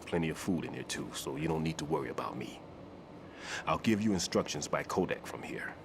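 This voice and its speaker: An actor playing a veteran male soldier who advises a rookie in measured, low tones. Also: lively intonation, gravelly, heavily acted. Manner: low measured military advice. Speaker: game character on codec. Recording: game audio with background noise.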